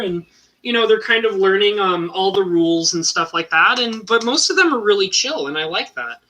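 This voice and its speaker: A young adult streamer talks loosely over a live painting session. The voice is bright and edged, swinging widely in pitch, and the talk wanders with restarts and fillers. It comes through a home computer mic. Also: poor audio. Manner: rambling, with frequent restarts and fillers. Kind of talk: casual live-stream chat.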